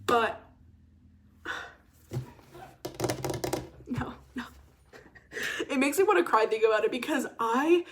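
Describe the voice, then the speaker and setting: A young woman in her twenties chats through a casual solo podcast rant. Her voice sits a little high, and she rambles in a self-deprecating way, laughing often and trailing off mid-thought. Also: measured pace, long pauses, a bit bright. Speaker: podcast host.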